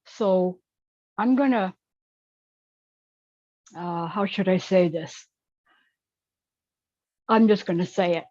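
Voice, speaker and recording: Outspoken lady on a call, slow talker, lo-fi sound. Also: fairly low pitch, darkish tone, no echo. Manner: blunt, outspoken. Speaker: panelist. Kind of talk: casual online chat. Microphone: video call. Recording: dull lo-fi call audio.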